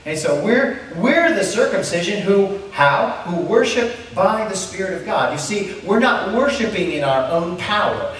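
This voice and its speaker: A man's voice: high voice, very echoey, far from the mic, a little hiss or hum, low-quality recording. A man pastor preaching a sermon verse by verse, asking the congregation rhetorical questions and repeating key points.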